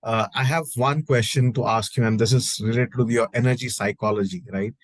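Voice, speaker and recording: A man in an online session asks a polite, halting question in a mid-pitched voice. The sound is dry and close. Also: fairly even intonation, no room sound. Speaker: participant asking a question. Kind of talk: casual question in a webinar.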